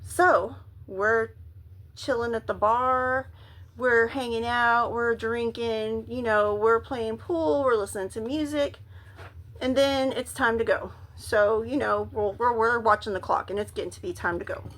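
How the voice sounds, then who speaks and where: A woman telling a wild personal story in a casual monologue, animated and full of swearing. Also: fairly high pitch, unhurried. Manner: animated, profane, acts out quotes loudly.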